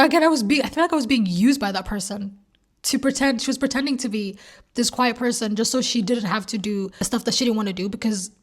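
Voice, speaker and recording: Young woman vlogger, slightly high voice, animated storyteller who acts out quotes. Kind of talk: casual storytime.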